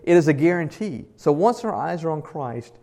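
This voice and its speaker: This male pastor's voice is somewhat high yet gravelly, and he preaches his sermon earnestly and animatedly at a moderate pace. He swells to loud emphasis, then sinks to softness, putting questions to those gathered.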